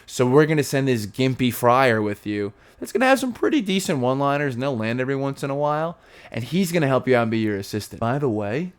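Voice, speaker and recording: A man's voice: medium pitch, very animated, quick pace, smooth. A man in his thirties reviewing a movie in a casual, jokey, sarcastic way, rambling through the plot.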